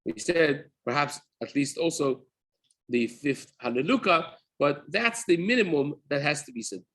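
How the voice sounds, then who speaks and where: A man's voice: fairly high pitch, lively intonation, normal speed, fairly bright tone. A rabbi giving a daily halacha class, explaining step by step, often repeating and rephrasing himself and weaving Hebrew terms into his English. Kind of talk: spoken Torah class.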